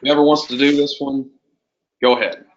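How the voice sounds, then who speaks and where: A man's voice: medium pitch, little pitch movement, normal speed, a little hiss or hum. A man teaching a Greek class, patiently quizzing students with prompting questions. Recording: muffled lo-fi classroom recording.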